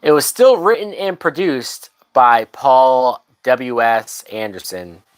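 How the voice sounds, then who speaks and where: A drunk man hosts a livestream, offering casual, rambling, profane movie commentary that trails off mid-thought. His voice is medium-pitched with lively intonation, slow, clear and resonant.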